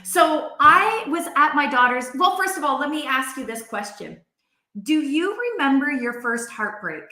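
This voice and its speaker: A woman in her forties hosting a live video, telling a personal story to viewers in a chatty, animated way. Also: high voice, normal speed, reverberant. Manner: chatty, animated, acts out quoted voices.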